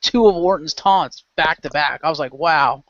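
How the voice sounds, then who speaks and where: A man's voice: fairly high pitch, normal speed, fairly bright tone, no room sound. A man hosting a casual podcast chat, rambling through stories with lots of fillers. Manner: rambling, filler-heavy storytelling. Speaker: podcast host. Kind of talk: casual chat recapping wrestling. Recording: dull, dry lo-fi podcast audio.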